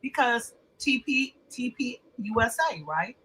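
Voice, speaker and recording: A woman's voice: a little high, animated, measured pace, bright, forceful tone, a little hiss or hum, poor audio. A woman co-hosting a podcast, ranting bluntly and profanely in casual heated chat. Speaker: podcast co-host.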